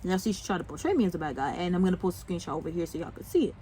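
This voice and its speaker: A man's voice: high-pitched, expressive, rapid-fire, dark tone, slight background noise, poor audio. A young man vlogging, venting about a breakup in a heated, sarcastic, profane way. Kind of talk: venting story-time vlog.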